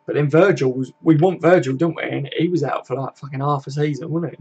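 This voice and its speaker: British lad streaming from his room, kinda high voice, casual chat, lots of swearing and innit. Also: steady tone, a little fast, darkish tone, breathy edge, lo-fi sound. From Britain. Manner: laddish, swears a lot, tags questions with mate. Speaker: live stream host. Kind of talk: casual live chat reading comments. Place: home room with desk and sofa.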